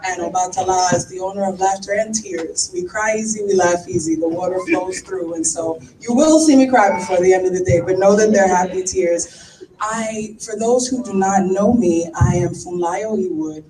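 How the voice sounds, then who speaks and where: A woman's voice: on the low side, normal speed. A woman with a lilt hosting a conference, emotional and laughing as she welcomes the crowd. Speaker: conference founder and host. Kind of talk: warm welcome speech. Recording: echoey hall, distant mic, noise.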